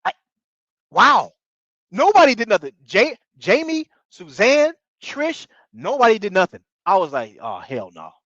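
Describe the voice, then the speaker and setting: A man recapping a reality show in casual commentary, talking excitably in slang and tripping over his words. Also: extremely high pitch, measured pace, no echo, muffled recording. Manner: excitable, slangy, repeats bro, stumbles.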